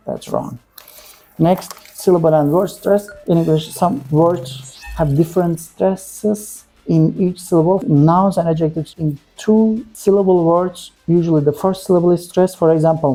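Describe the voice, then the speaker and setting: Guy teaching english sounds, super warm mellow voice, repeats words slow, bit of music behind. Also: fairly high pitch, fairly even intonation. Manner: repeats example words slowly to demonstrate sounds; simple, direct phrasing with plain corrections. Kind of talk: pronunciation lesson.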